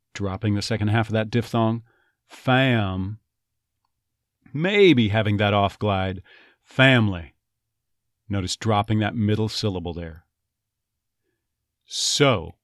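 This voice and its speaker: A man coaching an accent, explaining vowel and consonant changes in a slow, deliberate way. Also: on the low side, no echo, clean studio sound. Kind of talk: dialect lesson.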